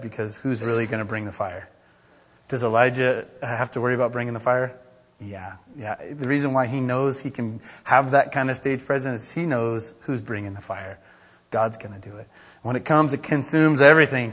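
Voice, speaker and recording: Man pastor, casual sermon, chatty, mid-pitched voice, long hall reverb. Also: fairly bright tone. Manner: conversational, chatty, with frequent fillers and asides; reads scripture aloud.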